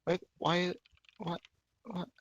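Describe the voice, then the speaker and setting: A man's voice: high-pitched, steady tone, takes it slowly, no echo, dull audio. A man from the American South, chatting crudely on a voice call and bursting into laughter. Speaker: friend on voice chat. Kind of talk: casual chat on voice call.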